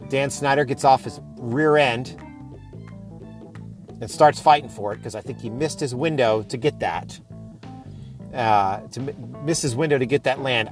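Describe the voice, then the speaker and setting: A man's voice: mid-range voice, a little mellow. A man in his thirties hosting his own podcast, chatting casually and rambling with lots of fillers. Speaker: podcast host. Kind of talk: casual solo podcast talk.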